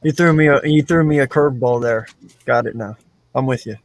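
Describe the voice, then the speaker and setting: A man's voice: mid-range voice, brisk, no echo. A man in a casual podcast chat, laid-back and slangy with his friends.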